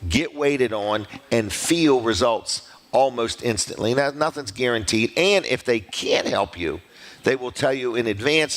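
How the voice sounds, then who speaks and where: A man's voice: medium pitch, lively intonation, a bit bright. Folksy middle-aged male host. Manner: folksy, rambling, repeats phone numbers slowly. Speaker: show host. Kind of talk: casual ad reads on a local show.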